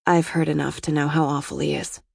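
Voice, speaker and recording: A woman voicing a soft-spoken, guarded woman who is weary and lovelorn, in a quiet, hushed delivery. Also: low voice, little pitch movement, a little fast, creaky, breathy edge, no room sound, clean studio sound, heavily acted. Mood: subdued.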